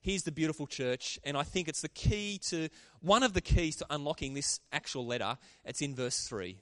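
A man preaching a sermon, animated and calling out to the congregation for responses. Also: fairly high pitch, moderate pace, no room sound. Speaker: pastor.

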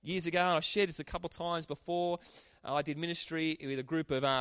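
A man preaching a sermon, animated and calling out to the congregation for responses. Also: a little high, clear, resonant tone, dry recording, studio quality. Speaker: pastor.

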